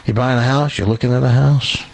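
A man hosting a radio talk show, bantering with co-hosts and reading a live ad in a chatty, animated way. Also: mid-range voice, a little fast, gravelly, a little hiss or hum.

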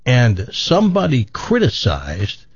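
A man's voice: mid-range voice, slow, husky, dry recording, lo-fi sound. A middle-aged man hosting a radio talk show, telling stories in casual banter and acting out the people he quotes. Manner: animated storyteller, acts out quoted voices.

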